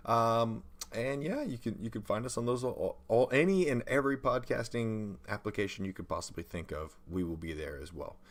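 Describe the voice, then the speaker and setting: A man's voice: mid-range voice, animated, normal speed. A man co-hosting a tabletop gaming podcast, chatting casually and reading out where to find the show. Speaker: podcast co-host. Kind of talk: casual chat.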